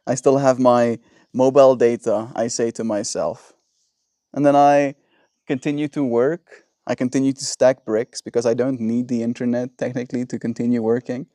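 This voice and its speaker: A man of middle pitch talks casually to his livestream audience, rambling and exasperated as he vents. His voice sits in a dry space with almost no room sound. It has the loose, unscripted feel of talking into a phone. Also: steady tone, normal speed, mellow, dry recording. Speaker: livestream host. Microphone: phone in vertical livestream.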